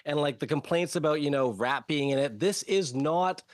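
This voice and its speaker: A man, an entertainment writer on a panel, arguing his point in quick run-on sentences. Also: on the high side, dry recording, studio quality. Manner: argumentative, quick run-on reasoning. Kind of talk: casual opinionated chat.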